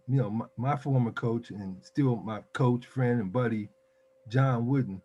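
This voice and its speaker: A man's voice: mid-range voice, a little mellow, lo-fi sound. Enthusiastic older man hosting. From Philadelphia, United States. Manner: enthusiastic, emphatic introducer. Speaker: host. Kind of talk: casual interview.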